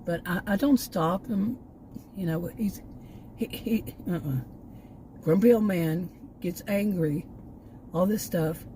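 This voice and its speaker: Older lady rambling on her vlog, kinda breathless, low voice, little bit of hiss. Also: slow, long pauses, warm tone, poor audio. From Texas, United States. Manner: rambling, with many restarts and asides. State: short of breath, voice going. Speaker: vlogger. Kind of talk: casual personal vlog talk.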